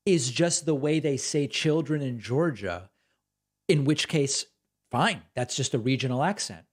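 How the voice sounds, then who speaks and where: A man's voice: fairly high pitch, expressive, moderate pace. A man hosting a political commentary stream, talking casually in a sardonic, mocking way.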